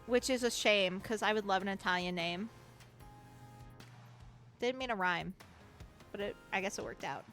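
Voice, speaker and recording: A woman's voice: medium pitch, normal speed, pauses often, fairly bright tone, soft background music. A young woman streaming a game, reading its text aloud with chatty, giggly commentary and casual swearing. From United States.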